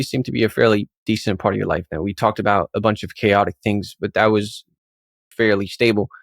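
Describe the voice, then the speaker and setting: Low-voiced male interviewer summing up. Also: creaky, no echo. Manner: measured recapping, hesitant fillers. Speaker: interviewer host. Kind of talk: interview questions.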